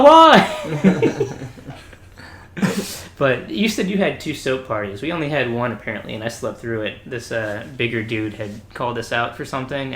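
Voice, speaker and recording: A young man on a podcast, telling crude stories in a lively, casual way. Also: medium pitch. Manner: animated, crude, laughing storyteller. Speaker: podcast guest. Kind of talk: casual storytelling chat. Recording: echoey room, faint background noise.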